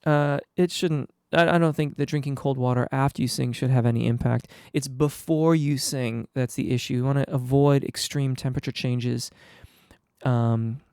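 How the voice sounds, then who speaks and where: Man, vocal coach, live Q&A, a little under the weather, gravelly, relaxed, lots of ums. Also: mid-range voice, moderate pace, no echo, studio quality. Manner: relaxed, explanatory, frequent ums and restarts. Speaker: singing teacher. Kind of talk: live Q&A on voice technique.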